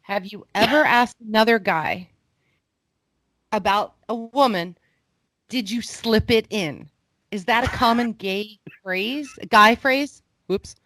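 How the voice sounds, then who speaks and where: A woman guest chats on a podcast with wry mockery. Her voice sits at a middle pitch. The recording is dry and close. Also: measured pace, fairly bright tone, dry recording. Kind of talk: casual podcast chat.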